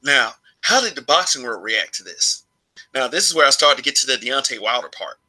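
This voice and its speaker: Guy from alabama vlogging his thoughts, super bright voice, rambles and laughs a lot. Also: medium pitch, sing-song, a little fast, low-quality recording. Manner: rambling, frequent restarts and chuckles. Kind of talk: casual opinion monologue.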